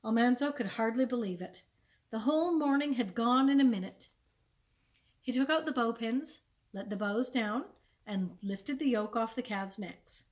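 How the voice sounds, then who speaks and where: A woman, a children's librarian, reading a chapter book aloud with clear, expressive storytelling. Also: fairly high pitch, moderate pace.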